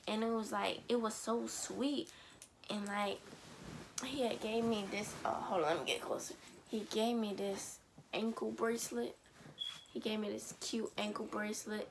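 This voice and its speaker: A woman's voice: mid-range voice, noisy background. A teenage girl from Atlanta talking casually to her camera, emotional and close to tears, often dropping to a half-whisper. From Atlanta, USA. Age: teens. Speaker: vlogger. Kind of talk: casual vlog talk to camera.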